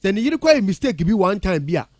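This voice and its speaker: A man with a Ghanaian accent in heated radio talk, animated and indignant, switching between English and Twi. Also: high voice, fast, no echo, clean studio sound.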